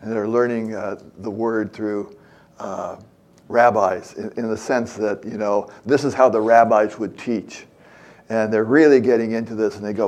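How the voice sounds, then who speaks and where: A man's voice: lowish voice, normal speed. Older male pastor, easygoing preacher. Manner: relaxed, hesitant, many fillers, talks to young listeners. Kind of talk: conversational sermon.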